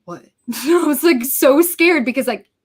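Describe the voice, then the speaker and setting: A young woman chatting casually as a guest, animated, swearing freely and acting out her own quoted lines. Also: sits high, measured pace. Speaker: podcast host guest. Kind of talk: casual chat.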